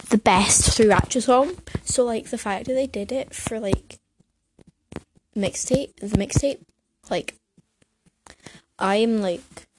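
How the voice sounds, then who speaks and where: Hyper, rambling young woman. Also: on the high side. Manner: hyper and scattered, many fillers and restarts. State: out of breath. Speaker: vlogger. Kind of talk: rambling casual monologue. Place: bedroom, sitting on a creaky bed. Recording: noisy home recording.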